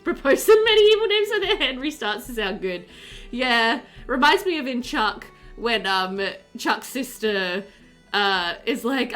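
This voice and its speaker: A woman's voice: on the high side, very animated, a little slow, a bit bright, soft background music. A young woman streamer chatting casually with her viewers, reading their messages aloud and laughing often. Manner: giggly, chatty, reads chat aloud. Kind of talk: casual chat with live chat.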